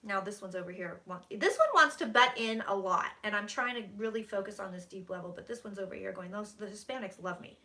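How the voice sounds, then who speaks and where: A woman's voice: medium pitch, expressive, fairly quick, few pauses, sharp tone. A woman psychic channeling on a live stream from her room, talking intensely, dropping to whispers and swearing freely. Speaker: psychic reader.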